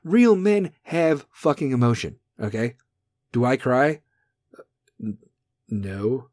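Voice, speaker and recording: Swearing man on a comedy rant, mid-pitched, dry close sound, brash and loud, jumps into mocking high voices. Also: very animated, slow, dry recording. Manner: brash, swearing, swings into mocking falsetto bits. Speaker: podcast host.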